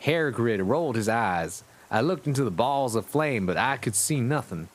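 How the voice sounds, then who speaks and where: A man's voice: medium pitch, expressive, lightly acted. A man doing a surly goth girl in a Southern drawl. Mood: snippy. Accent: put-on American Southern. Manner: slow, drawn-out drawl. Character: surly gothic teen girl, Southern belle. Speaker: streamer. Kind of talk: comic dramatic reading of fan fiction.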